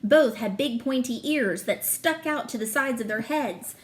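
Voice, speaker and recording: Woman teacher reading chapter-book aloud, steady and expressive, slightly high voice. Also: a little slow.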